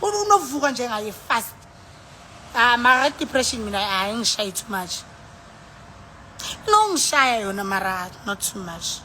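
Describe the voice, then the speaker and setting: A livestreamer with a South African accent, somewhat tipsy, chats casually into her phone, rambling, sighing and switching languages. Her mid-range voice is animated and sharp in tone. She talks a little slowly, pausing often, over slight background noise.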